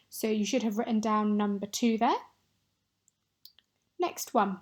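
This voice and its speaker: A woman teaching a recorded Spanish lesson, modelling words clearly and patiently for pupils to repeat. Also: mid-range voice, steady tone, unhurried, long pauses.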